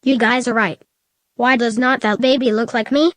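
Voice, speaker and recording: A synthetic female text-to-speech voice reading the lines of a calm but nervous teenage boy. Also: fairly high pitch, moderate pace, no echo, studio quality, close to an everyday voice. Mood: plain. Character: calm nervous male teen.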